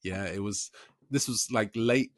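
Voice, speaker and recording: A man's voice: fairly low pitch, dry recording. Man, podcast host, rambling casual storyteller, dry close recording. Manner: rambling, backtracking storyteller, quick to laugh along.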